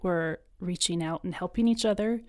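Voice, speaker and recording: A woman's voice: lowish voice, normal speed, a little mellow, no echo, studio quality. A woman speaking earnestly as a podcast guest in a conversational interview. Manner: earnest, emotional at times, laughs.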